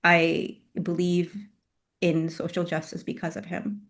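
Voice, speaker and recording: A woman guest and author telling a personal story in an interview, reflective, with many pauses and fillers. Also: on the low side, monotone. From Chile.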